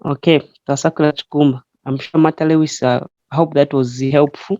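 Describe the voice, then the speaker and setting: A man from Zambia teaching a language in an online class, explaining slowly and patiently with frequent fillers. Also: a little high, fairly even intonation, dark tone, dry recording. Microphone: online call. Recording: muffled online call audio.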